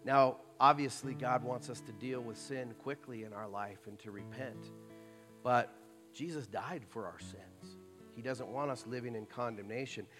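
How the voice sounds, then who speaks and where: A man preaching a sermon in a conversational way, dropping into soft mocking asides. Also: medium pitch. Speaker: pastor.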